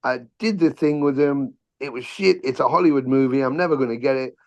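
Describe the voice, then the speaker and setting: A middle-aged man tells his stories in an easy, animated way. He swears freely and slips into the voices of the people he quotes. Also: mid-range voice, brisk, lo-fi sound. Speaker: podcast guest, musician and actor. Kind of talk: casual storytelling interview.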